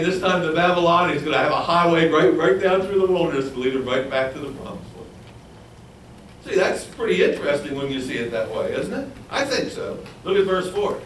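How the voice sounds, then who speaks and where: Animated preacher in an echoey room. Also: male voice, far from the mic, slight background noise. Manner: animated, acts out quoted voices in a higher pitch. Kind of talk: sermon, Bible teaching.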